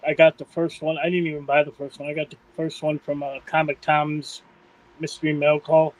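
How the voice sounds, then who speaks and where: A man's voice: a little high, little pitch movement, a little fast, low-quality recording. A man co-hosting a casual comics podcast with a dry manner. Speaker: podcast co-host. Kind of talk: casual chat.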